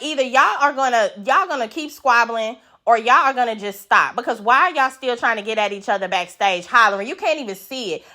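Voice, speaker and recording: Lady doing a reality show recap, bright high-ish voice, blunt and swearing a lot. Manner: animated, blunt, swears, acts out quotes in a raised voice. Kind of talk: casual commentary recap.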